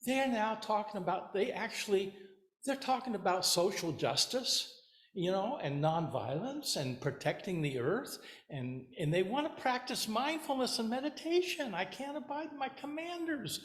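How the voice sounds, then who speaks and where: A man's voice: high-pitched, lively intonation, moderate pace, fairly bright tone, echoey room, voice pushed up. A man voicing a weary male demon king who is tired of scaring people, complaining in an exasperated way.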